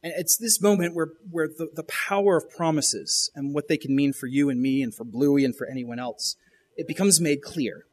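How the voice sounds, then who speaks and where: Guy pastor, kinda high voice, sermon storytelling, lots of and-and restarts. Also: moderate pace, a little mellow. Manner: storytelling with frequent restarts and rising emphasis.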